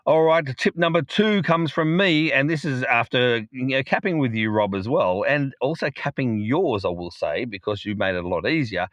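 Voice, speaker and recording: A man co-hosting a casual podcast, upbeat and chatty, laughing often, with a voice that is getting hoarse. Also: mid-range voice, fairly bright tone, dry recording. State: losing his voice. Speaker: podcast co-host.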